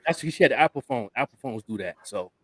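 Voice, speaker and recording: A man's voice: mid-range voice, quick pace, dry recording. An older man and radio show host, telling stories in casual chat, laughing often. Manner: animated storyteller, laughing often.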